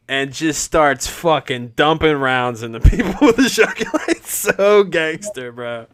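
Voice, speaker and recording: A young man co-hosting a podcast, chatting casually and excitedly about a movie, swearing, laughing and acting out lines. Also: a little high, normal speed, hardly any pauses, clear, resonant tone. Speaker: podcast co-host.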